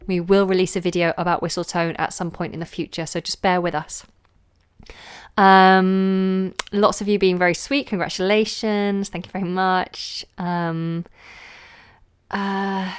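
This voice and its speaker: A woman, a singing teacher answering viewer questions in a relaxed, chatty way on a live stream. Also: mid-range voice, smooth. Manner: relaxed, chatty, demonstrates sounds with her voice.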